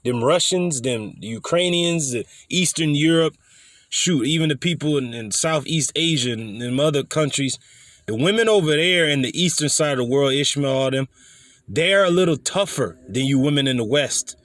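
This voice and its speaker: A man delivering a blunt, scolding commentary in the manner of a street preacher, often stumbling and repeating words. His voice sits a little high for a man. The recording is dry, with no room sound. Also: animated, moderate pace, a bit bright, dry recording. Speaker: online preacher commenting on news clips.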